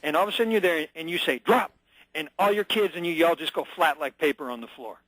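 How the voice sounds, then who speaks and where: A man speaking as a guest on a talk radio show, his voice sitting a little high. He talks with energy and emphasis, jumping into quick acted-out examples. The sound is close and dry, with no room around it. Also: animated, a bit bright, no echo, poor audio. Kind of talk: phone-in radio interview.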